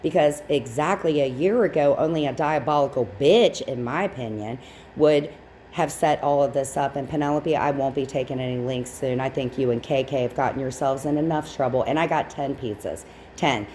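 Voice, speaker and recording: A woman's voice: rumbling low, moderate pace, warm tone, slight background noise. A woman hosting a livestream, giving blunt, sarcastic, profane reaction commentary on clips. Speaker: stream host.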